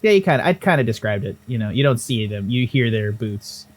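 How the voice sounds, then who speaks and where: A man's voice: mid-range voice, lively intonation, fairly quick. A man narrating as game master in a casual, rambling way, often correcting himself. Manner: rambling, self-correcting, laughing asides.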